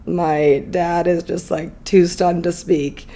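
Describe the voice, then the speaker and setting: A woman's voice: lowish voice, flat delivery, slow pace, warm tone. A woman in her thirties, a podcast guest, telling a personal story candidly in a chatty, emotional way full of fillers.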